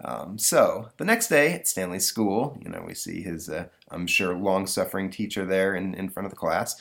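A man's voice: low voice, lively intonation, normal speed, gravelly, few pauses, fairly bright tone. A man hosting a podcast who retells a cartoon in a chatty, casual way with laughs and fillers. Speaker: podcast host.

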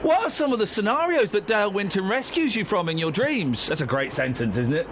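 High, lively-voiced male radio host. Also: background noise. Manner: playful, teasing, quick asides. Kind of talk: jokey phone-in banter.

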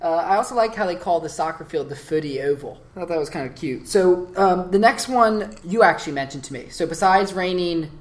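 A man's voice: high voice, lively intonation, fairly quick, few pauses. A man co-hosting a podcast, telling stories in a rambling, hesitant way. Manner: rambling, hesitant storytelling with fillers. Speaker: podcast co-host. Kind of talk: casual chat.

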